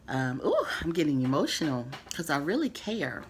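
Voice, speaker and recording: A woman's voice: deep voice, very animated, normal speed, few pauses, slight background noise. A woman from the United States talking casually to the camera, earnest and emphatic with sassy asides. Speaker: vlogger giving book feedback. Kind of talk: casual direct-to-camera address.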